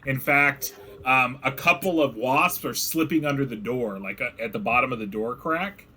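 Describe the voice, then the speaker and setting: Over voice chat, a man with a medium-pitched voice runs a tabletop game as game master, narrating at a normal speed with slight background noise. He keeps things casual and chatty, even acting out goblin shouts.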